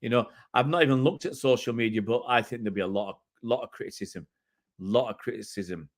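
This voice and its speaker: A man's voice: medium pitch, quick pace. A middle-aged man from England hosting a fan channel live stream, ranting in exasperation and repeating himself. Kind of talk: live-stream match reaction.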